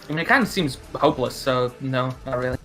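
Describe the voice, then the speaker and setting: A man's voice: medium pitch, fast talker, fairly bright tone, soft background music. A young man playing a tabletop game, talking hesitantly and apologetically. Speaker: player. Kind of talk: casual chat in a tabletop game.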